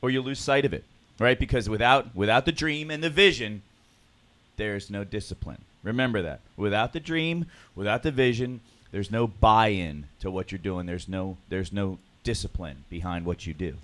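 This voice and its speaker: A man leading a morning recovery group, talking earnestly and emotionally and clearing his throat often. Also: on the low side, normal speed, a bit bright. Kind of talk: motivational group talk.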